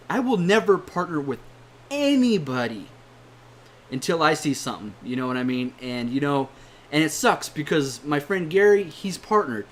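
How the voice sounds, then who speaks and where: A man's voice: fairly high pitch, a little hiss or hum. A young man, a YouTuber, delivering a heated, profane rant to his viewers, blunt and swearing often. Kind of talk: angry rant to camera.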